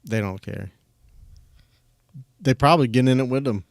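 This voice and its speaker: A man's voice: mid-range voice, moderate pace, gravelly, dry recording, studio quality. A man hosting a podcast, chatting casually with his guest in an easygoing way, often restarting his sentences. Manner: easygoing, with frequent restarts and fillers. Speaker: podcast host. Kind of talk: casual conversation.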